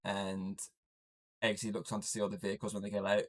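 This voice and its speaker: A man with a lowish voice talks through a film's plot in a relaxed podcast chat. He swears freely and keeps the recap rolling with jokes. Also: brisk, slight background noise. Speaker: podcast co-host. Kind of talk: casual movie recap chat.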